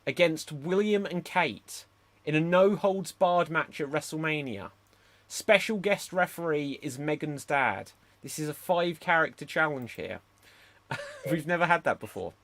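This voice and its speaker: A man hosting a live online improv show, talking in a chatty, easygoing way. He fumbles and corrects himself cheerfully, and his voice sits slightly high. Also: fairly bright tone, no echo. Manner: chatty, self-correcting, laughing at his own mix-ups. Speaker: host.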